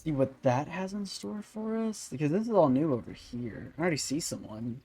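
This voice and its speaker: A man's voice: fairly high pitch, big pitch swings, brisk, dark tone, slightly rough. A man hosting a let's-play video, rambling and thinking aloud with many fillers. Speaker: gaming channel host.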